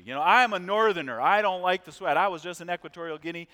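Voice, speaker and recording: Middle-aged American preacher in a reverberant hall. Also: male voice, high-pitched, very fast, few pauses. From United States. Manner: conversational, animated storyteller who asks the congregation questions. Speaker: visiting missions preacher. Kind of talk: sermon with storytelling. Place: church sanctuary. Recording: long reverb of a large church hall.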